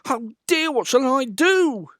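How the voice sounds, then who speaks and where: A man's voice: extremely high pitch, slow pace, dry recording, studio quality, voice pushed up, heavily acted. Thomas, a chirpy little tank engine voiced by a man. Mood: fretful. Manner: chirpy, excitable, sometimes fretful. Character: small eager boastful male tank engine. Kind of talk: storybook reading.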